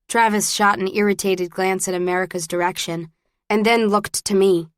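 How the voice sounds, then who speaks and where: Woman narrating an audiobook, even storytelling, mid pitch, bone-dry studio sound. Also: moderate pace, no echo. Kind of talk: scripted first-person narration.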